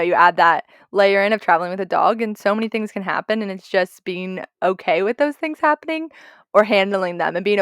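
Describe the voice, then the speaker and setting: Quick, chatty woman podcast co-host, dry close sound. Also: mid-range voice, fairly bright tone, clear, resonant tone, dry recording. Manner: quick chatty talk full of "like". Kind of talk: casual chat.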